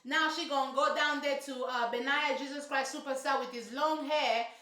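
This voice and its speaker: Sassy high-voiced woman in a roomy echo. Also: fairly even intonation, normal speed, bright, forceful tone. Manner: sassy, emphatic, slangy. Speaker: reality show reviewer. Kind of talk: casual reaction commentary.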